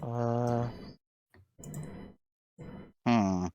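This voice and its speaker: A man's voice: mid-range voice, steady tone, very slow, mellow, slight background noise. A man playing in a tabletop game who is unsure of the rules and talks himself through them. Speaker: player. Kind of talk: casual game chat.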